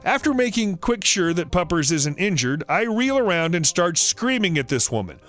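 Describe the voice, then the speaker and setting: A man narrating online first-person stories in a scripted, expressive reading, as the channel's host. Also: high-pitched, moderate pace, few pauses, no echo. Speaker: story narrator.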